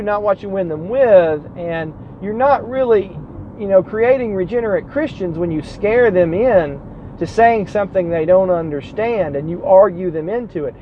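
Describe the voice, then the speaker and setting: Man, high voice, rambling, self-correcting, sardonic, casual monologue, muffled lo-fi sound. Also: slight background noise.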